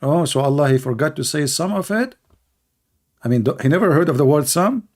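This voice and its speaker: Man, show host, sarcastic and scornful, broken grammar, somewhat high-pitched voice. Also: animated, brisk, darkish tone. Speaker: show host taking calls. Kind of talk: mocking monologue commentary.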